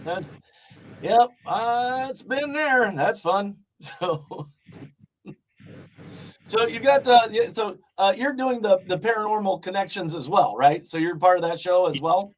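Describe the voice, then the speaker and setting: A man's voice: high-pitched, unhurried. A middle-aged man from Illinois hosting a casual interview, rambling through stories, laughing often and swearing freely. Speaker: show host.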